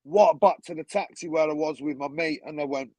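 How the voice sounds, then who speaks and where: A man's voice: on the high side, a little fast, darkish tone, no echo, rough recording. A man telling stories as a guest on a talk show, blunt and swearing freely, with a lot of "you know what I mean". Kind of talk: casual storytelling.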